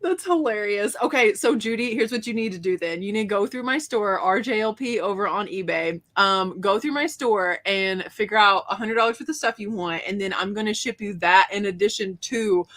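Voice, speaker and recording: A woman's voice: mid-range voice, fairly quick, few pauses, a bit bright. A woman chats through a casual livestream giveaway. She teases her co-host and laughs easily, and her voice sits in an ordinary middle range. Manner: chatty, teasing, laughs often. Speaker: livestream seller hosting a giveaway.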